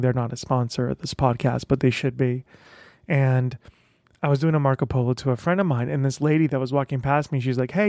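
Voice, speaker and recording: A man hosts a podcast and talks on his own in a loose, animated way, slipping into the voices of people he quotes. His voice sits a little on the high side. The sound is dry and close, with no room echo. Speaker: podcast host. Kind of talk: casual solo podcast monologue.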